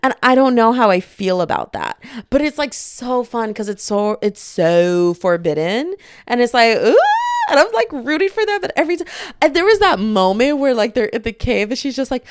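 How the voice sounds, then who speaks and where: A woman hosting her own podcast, chatting casually and excitedly about a book she loves. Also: a little high, moderate pace, dry recording, studio quality. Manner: animated, gushing, laughs often. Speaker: podcast host.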